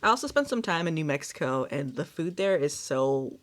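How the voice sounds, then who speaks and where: A woman vlogging in a casual, chatty way, expressive and quick to laugh, sounding upset and close to tears. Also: sits low. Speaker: beadwork vlogger. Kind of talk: casual vlog chat.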